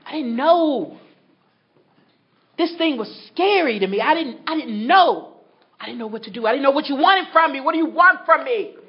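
A woman sharing her story with an audience at a recovery meeting, animated and laughing as she talks. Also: sits high, moderate pace, long pauses. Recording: dull recording with a crowd behind.

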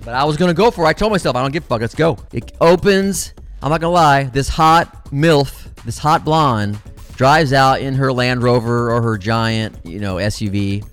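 A middle-aged man telling a story in a casual, animated way, swearing freely and calling his listeners guys. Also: mid-range voice, normal speed, clear, resonant tone, soft background music.

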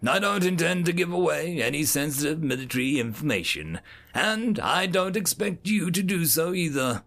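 A man doing a gruff alien soldier. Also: a little high, expressive, normal speed, a bit bright, soft background music. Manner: gruff, clipped military talk. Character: blunt male alien soldier, gruff and proud.

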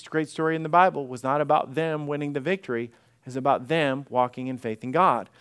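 A man's voice: a little high, clean tone. A male pastor preaching an interactive sermon, acting out Bible scenes and putting questions to the congregation.

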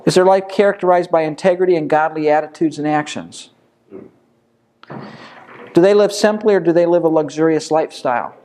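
A man's voice: fairly high pitch, normal speed, warm tone, slight background noise. Man teaching an informal Bible study. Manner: conversational, asks rhetorical questions then answers them.

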